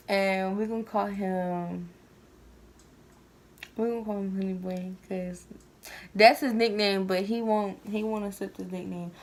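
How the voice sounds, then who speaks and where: Flat-toned woman rambling through a storytime. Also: medium pitch, a little hiss or hum. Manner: rambling, full of "like" and "um" fillers. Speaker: vlogger. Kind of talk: casual storytime chat.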